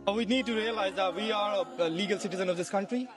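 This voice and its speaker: Man from Pakistan, street interviewee, quick, earnest, music bed loud. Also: sits high.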